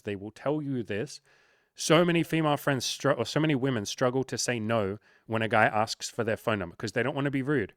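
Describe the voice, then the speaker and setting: A man's voice: medium pitch, dry recording, clean studio sound. A young man and dating coach speaking candidly in a casual monologue, often acting out quoted voices.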